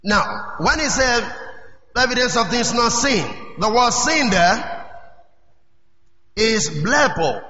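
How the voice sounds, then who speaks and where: A man preaching a sermon as pastor, emphatic and calling out to his congregation, now and then shouting key lines. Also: extremely high pitch, expressive, slow, long pauses. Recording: roomy hall echo, dull lo-fi sound.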